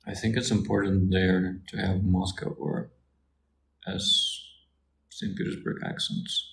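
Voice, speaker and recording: Man, low gravelly voice, unhurried, easygoing tutor explaining things. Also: reverberant, slight background noise, rough recording. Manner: thinks aloud with fillers and restarts, relaxed explaining. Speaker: Russian tutor answering viewer questions. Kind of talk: casual Q&A livestream.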